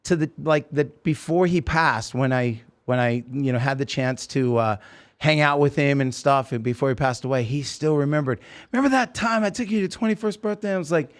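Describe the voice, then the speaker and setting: This is a man hosting a podcast in a loose, casual chat. He tells his stories in a rambling, animated way, starting over often and piling up asides. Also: on the high side, a little fast. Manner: rambling, animated storyteller with many restarts. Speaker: podcast host.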